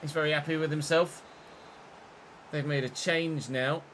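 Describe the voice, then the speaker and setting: A young man streaming live, chatting through his football game and breaking into excited shouts between muttered asides. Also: fairly high pitch, unhurried, slight background noise. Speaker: gaming streamer.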